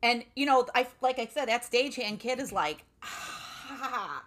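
A woman's voice: fairly high pitch, fairly quick, a bit bright. A woman telling a personal story in a casual interview, talking freely with many "like" fillers. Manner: chatty, lots of "like" fillers.

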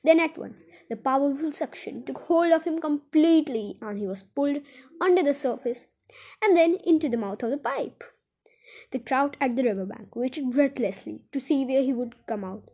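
A woman reads a children's book aloud with theatrical expression. Her voice is high and swoops widely in pitch. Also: lively intonation, normal speed, mellow. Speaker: reader.

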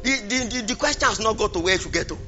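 High, bright Nigerian preacher shouting. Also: male voice, lively intonation, rapid-fire. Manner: impassioned, shouting, repeats phrases, speaks in tongues. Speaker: pastor. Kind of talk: fervent sermon. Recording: muffled lo-fi recording with music.

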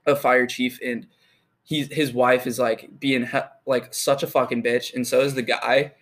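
A teenage man in casual chat, profane and animated as he retells a film. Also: mid-range voice, normal speed.

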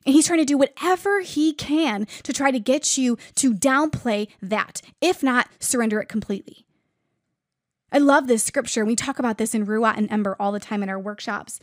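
A woman's voice: a little high, brisk, no echo, studio quality. A young woman giving an earnest devotional message, telling a story and making emphatic declarations. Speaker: Christian teacher.

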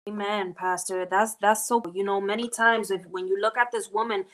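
A woman's voice: medium pitch, steady tone, moderate pace, fairly bright tone. A woman guest on a faith talk show, speaking earnestly and exhorting listeners, with frequent hesitant restarts.

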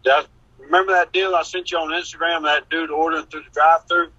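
A man with a husky, bright voice tells rambling anecdotes to his friends and acts out the people he quotes. He is on a remote podcast call, and the sound is dry, close and lo-fi. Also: a little high, flat delivery, fast, no room sound. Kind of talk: casual chat, storytelling.

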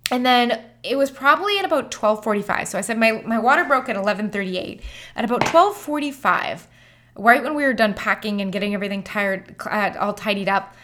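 A young woman casually telling her own birth story, chatty and animated, with frequent filler words. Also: medium pitch, fairly quick.

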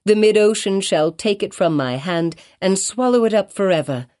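Woman voicing a troubled stern mother, raised commanding calls, dark mellow tone, storybook reading. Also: mid-range voice, animated, normal speed, lightly acted. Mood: sorrowful. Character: troubled grown mother, stern then sorrowful.

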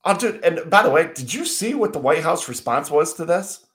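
A man's voice: a little high, big pitch swings, normal speed, fairly bright tone. A man co-hosting a talk show, ranting about politics with heated swearing and frequent restarts. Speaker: podcast co-host. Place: indoors, seated at a desk. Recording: roomy echoey sound.

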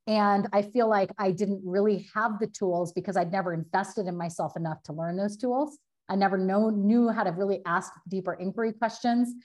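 Casting: woman, 30s, podcast guest, earnest storyteller, middle pitch, lots of "like.". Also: a little mellow. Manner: earnest, fast, many filler likes, acts out quotes. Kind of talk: candid personal story in a podcast interview.

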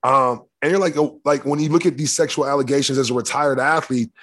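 A man from Michigan co-hosting a casual podcast, brash and profane, talking fast and steering the conversation. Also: medium pitch, fairly even intonation, fairly bright tone. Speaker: co-host, former football player.

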